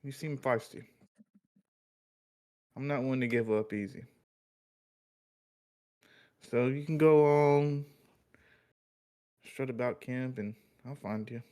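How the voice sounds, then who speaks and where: A man playing a cocky young mob guy, put-on New York Italian accent, dark mellow voice, sweet-talking. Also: mid-range voice, takes it slowly, long pauses, natural voice. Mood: persistent. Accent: New York Italian-American, put on. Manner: smooth, cocky sweet-talk.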